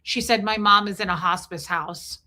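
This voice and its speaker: Female streamer, middle-aged, bright tone, loose and emotional, thanks chat between thoughts. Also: mid-range voice, normal speed. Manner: rambling and emotional, thanking viewers. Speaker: livestream host. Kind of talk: casual livestream chat.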